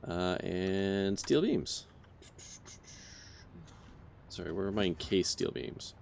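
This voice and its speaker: A man's voice: deep voice, expressive, slow pace, creaky, a little hiss or hum. A man hosting a casual game stream, joking and swearing as he thinks aloud. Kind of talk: casual gameplay chat.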